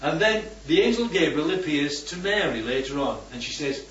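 Man leading a group Bible study, fairly high voice, lively, keeps asking "right?"; distant roomy mic. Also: normal speed, a little hiss or hum. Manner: keeps checking in with "right?" and "yeah?"; asks the group questions. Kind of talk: teaching a group discussion. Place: room with a small group. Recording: roomy, distant, dull-sounding recording.

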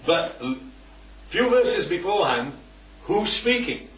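A man's voice: sits high, big pitch swings, takes it slowly, fairly bright tone. A man leading a small-group Bible study, asking the group questions and checking in with "right?" and "yeah?". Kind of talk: teaching a group discussion. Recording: roomy, distant, dull-sounding recording.

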